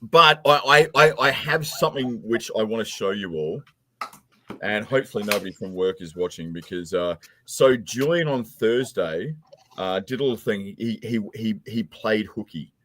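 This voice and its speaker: A man's voice: on the low side, expressive, moderate pace, fairly bright tone. A man hosting a beer review livestream, talking in rambling restarts and teasing his guests. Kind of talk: casual chat on a livestream. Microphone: remote stream call.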